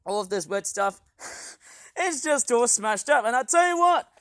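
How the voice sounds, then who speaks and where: Excitable high-voiced man smashing toys. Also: unhurried, clean tone, no echo. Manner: excitable, chatty, bursts into whoops and laughs. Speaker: toy reviewer. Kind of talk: casual toy-smashing vlog. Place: outdoors on a hot day.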